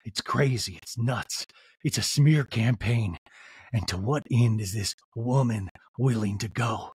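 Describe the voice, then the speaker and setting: A man voicing a weepy middle-aged husband who mumbles hushed, wounded complaints. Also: measured pace, dry recording. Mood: aggrieved. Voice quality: low, hushed and breathy.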